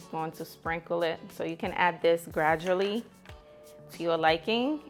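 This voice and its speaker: A woman hosting her own cooking channel, chatting to viewers as she walks through a recipe step by step. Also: fairly low pitch. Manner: chatty, talks straight to viewers as "you guys". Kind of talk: casual cooking tutorial.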